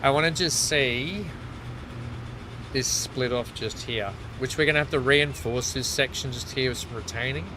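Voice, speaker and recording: A man's voice: mid-range voice, moderate pace, noisy background. A man chatting casually while playing a game on a livestream, telling stories with frequent laughs. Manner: animated storyteller, laughs often, chatty. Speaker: streamer.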